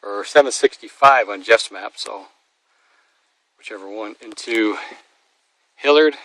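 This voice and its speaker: A man's voice: on the low side, unhurried, fairly bright tone, no echo. A man narrating a casual outdoor vlog on a canoe trip, talking to the camera and to his dog. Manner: chatty, talks to his dog. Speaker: vlogger on a backcountry canoe trip. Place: outdoors on a lakeside campsite and portage trail. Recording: noisy outdoor recording. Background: dog barking.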